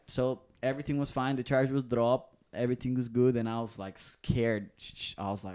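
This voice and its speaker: Brazilian man telling a story, mellow voice. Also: medium pitch, normal speed, few pauses, smooth. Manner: animated storyteller, acts out quoted voices. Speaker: podcast co-host, comedian. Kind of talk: casual storytelling chat.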